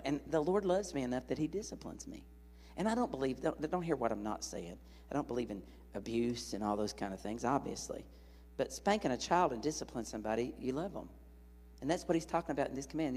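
A man preaching a sermon in a large church hall, an animated, joking storyteller speaking into a stage microphone. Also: mid-range voice, quick pace.

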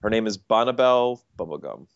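A man co-hosting a podcast, recapping cartoon episodes at length in a casual, animated way. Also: on the low side, brisk, smooth, dry recording. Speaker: podcast host. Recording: dull, dry podcast audio.

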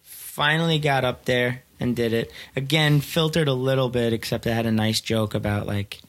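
A young man at a middle, ordinary pitch, talking as a podcast guest. He drops swear words easily and delivers his jokes dryly. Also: fairly even intonation, moderate pace, a bit bright. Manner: swears casually, dry jokes. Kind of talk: casual chat.

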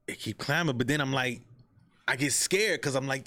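A man's voice: mid-range voice, moderate pace, sharp tone. A man hosting a casual podcast in his own studio, hyping his guest and interjecting often. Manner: hype, interjecting, laughing along. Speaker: show host.

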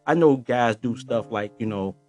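A man's voice: medium pitch, moderate pace, darkish tone, faint music behind. Slangy conversational man in his forties. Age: 40s. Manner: loose and conversational, full of slang and filler phrases. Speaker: podcast host. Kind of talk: casual monologue.

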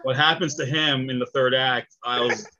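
Bright-voiced enthusiastic male interviewer. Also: mid-range voice, fairly even intonation, moderate pace. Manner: enthusiastic, laughs often. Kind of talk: casual interview chat. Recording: dull lo-fi audio.

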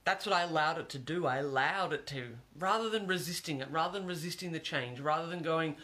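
A man's voice: a little high, fast, few pauses, pushed and bright. A man giving an earnest, reflective monologue, repeating phrases for emphasis.

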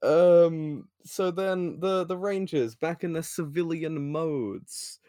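A man's voice: fairly high pitch, slow pace, warm tone, no room sound, studio quality. Laid-back profane podcast guy. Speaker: podcast co-host. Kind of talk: casual recap chat.

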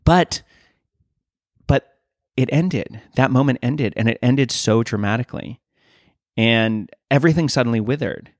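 Animated, earnest man telling a story. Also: mid-range voice, measured pace, long pauses, dry recording, studio quality. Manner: animated, earnest, swears casually. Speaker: guest. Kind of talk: casual storytelling.

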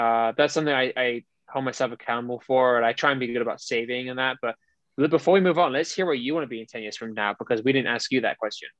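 A man chatting on a trainers' podcast in a mid-pitched voice, rambling with frequent restarts and fillers. The sound is dull and a bit lo-fi, with a very dry, close feel. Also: a bit bright, no echo. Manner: rambling, restarts often, conversational. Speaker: personal trainer, podcast co-host. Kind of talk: casual podcast chat.

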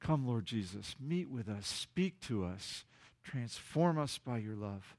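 A pastor preaching a sermon in a church sanctuary, talking loosely with frequent restarts and going soft and hushed in prayer. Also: male voice, medium pitch, lively intonation, slow. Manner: conversational, paraphrases with frequent restarts; soft, hushed voice when praying. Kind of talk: sermon with scripture reading and prayer.

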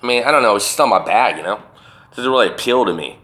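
A man's voice: fairly low pitch, animated, fast talker, bright, forceful tone. A man hosting a solo podcast, talking in a rambling, profane and emphatic way. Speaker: podcast host. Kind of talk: casual solo podcast rant.

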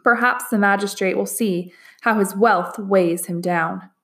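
An older master painter, wise and a little stern, speaking in a hushed, measured manner as a woman reads him. His voice carries a gravelly fry at a middling pitch.

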